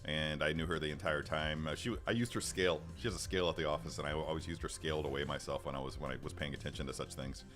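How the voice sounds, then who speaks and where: Deep-voiced rambling middle-aged man. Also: steady tone, quick pace, hardly any pauses, a bit bright. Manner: rambling, many restarts and chuckles. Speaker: livestream host. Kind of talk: casual chat with live chat. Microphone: studio microphone. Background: faint background music.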